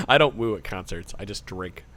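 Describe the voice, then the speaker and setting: A man's voice: fairly low pitch, fairly bright tone. A man in his thirties hosting a casual gaming podcast, joking around and swearing casually. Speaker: podcast host.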